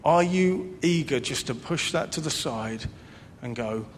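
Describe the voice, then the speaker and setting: Man, pastor preaching a sermon, earnest and repetitive, hushed to emphatic, long echoing hall. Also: expressive, unhurried. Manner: earnest, repeats phrases, swings between loud emphasis and hushed softness. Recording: long hall reverb with faint low rumble.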